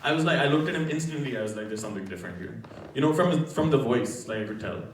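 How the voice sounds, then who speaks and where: A young man, a student, telling a personal story on stage in a casual, halting way, with lots of "like" and "you know". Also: on the high side, slight background noise. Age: young adult. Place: college event hall. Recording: very echoey hall, voice from far off.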